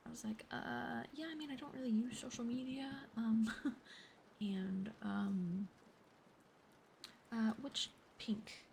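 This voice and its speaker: A young woman whispering softly on an ASMR livestream, chatting and giggling with viewers as she thanks them and tells a story. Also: on the high side, steady tone, slow pace, gravelly, pauses often, slight background noise. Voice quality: soft whispery voice. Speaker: streamer. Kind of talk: whispered ASMR stream chat.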